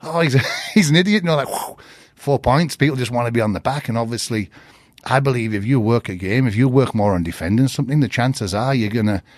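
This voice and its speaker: Lively man telling stories. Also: mid-range voice, fast talker, no room sound, studio quality. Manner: animated, laughs often, quotes people in changed voices. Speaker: podcast guest, martial arts instructor. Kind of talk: casual storytelling.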